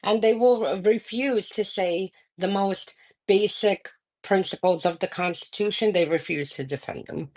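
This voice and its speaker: A woman's voice: mid-range voice, a little slow, a little mellow. A woman guest on a political talk show, speaking bluntly and with scorn. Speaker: guest commentator.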